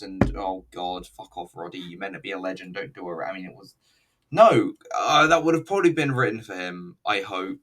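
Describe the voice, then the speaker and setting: A man's voice: lowish voice, moderate pace, a bit bright. A man giving a rambling, sweary and sarcastic commentary while reviewing a wrestling show. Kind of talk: casual commentary over a recorded show.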